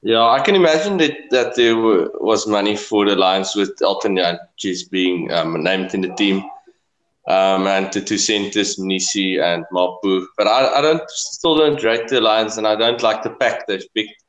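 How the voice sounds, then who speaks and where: A man's voice: lowish voice, a little slow, echoey room, rough recording. A man speaking as a betting panelist over a remote line, hesitant and laughing now and then. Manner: hesitant, laughs while talking. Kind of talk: casual betting chat.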